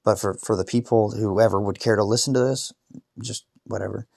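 Guy talking from bed about a friend, deepish voice, stumbles over words then gets heated and cusses. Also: fairly even intonation, gravelly, a little mellow, slightly rough, no room sound, clean studio sound. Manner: swearing, halting restarts, rising to angry outbursts. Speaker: podcaster telling a personal story. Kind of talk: emotional personal storytelling. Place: lying in bed.

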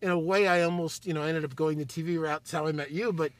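A man's voice: on the high side, fairly even intonation, fast. A man hosting a podcast, chatting casually in a rambling, self-deprecating way and laughing often. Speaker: podcast host. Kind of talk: casual chat.

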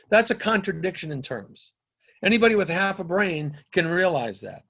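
A man's voice: high-pitched, expressive, fairly quick, fairly bright tone. A man, a podcast guest, talking in a casual conversational way, emphatic and repetitive as he builds his argument step by step.

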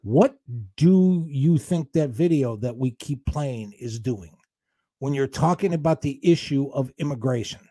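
A male co-host argues heatedly on air, his pitch jumping around a lot as he defends himself. The sound is dry and close, with no room around it. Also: animated, warm tone, no room sound. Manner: defensive, combative, fast rants. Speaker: radio show co-host.

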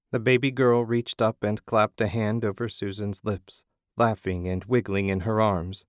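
A man narrating a story as an audiobook in a measured, dramatic way. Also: on the low side, darkish tone, no room sound, clean studio sound.

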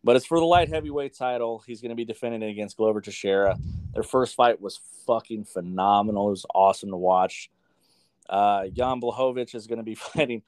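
A man's voice: lowish voice, fairly quick, darkish tone, dry recording. An American man co-hosting a sports show in casual chat. He swears freely and trips over names as he reads through results. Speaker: sports podcast co-host.

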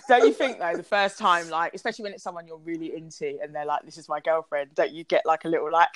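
Chatty woman, low dry voice. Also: quick pace, a bit bright, dry recording. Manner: chatty, keeps asking "do you know what I mean". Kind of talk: casual chat.

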